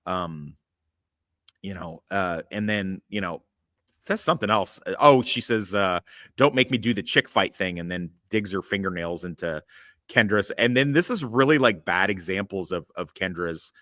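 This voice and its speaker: A lively man in his thirties hosts a casual podcast, swinging his pitch up and down as he rants and swears through an episode recap. His voice sits low and comes across bright and forward. The sound is dry and close. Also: unhurried, no room sound. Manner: animated, profane, rambling. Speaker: podcast host.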